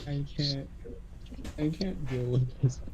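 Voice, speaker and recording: A man playing a tabletop game, speaking with a teasing, deadpan manner. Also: on the high side, takes it slowly. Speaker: player. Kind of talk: casual chat during a tabletop game. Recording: dull lo-fi mic.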